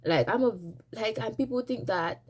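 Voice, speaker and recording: A woman's voice: on the high side, normal speed. A woman telling a casual storytime to her viewers, dramatic and rambling, restarting her sentences often. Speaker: vlogger. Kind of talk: storytime vlog, casual retelling.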